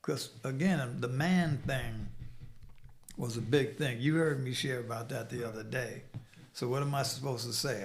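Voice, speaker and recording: Interview guest, man, 60s, from New York City, gravelly and blunt, street talk. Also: mid-range voice, moderate pace, slight background noise. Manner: streetwise, blunt, profane storytelling. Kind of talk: recovery story interview.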